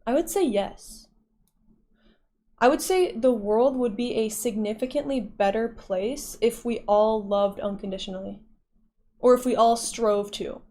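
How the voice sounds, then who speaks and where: A woman's voice: a little high, a little slow, dark tone. A young woman livestreaming, casually reading and answering chat with playful giggles.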